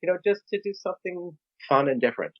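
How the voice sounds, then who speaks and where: A man's voice: sits high, expressive, quick pace, no room sound, highs cut off. A man, the book's author, talking casually as a podcast guest and laughing between his words.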